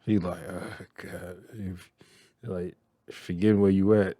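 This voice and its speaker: Southern man, low voice, casual reaction host, blunt and profane, dry close sound. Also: level tone, unhurried, warm tone, no echo. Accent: Southern American. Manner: profane, blunt, laughing, mimics characters.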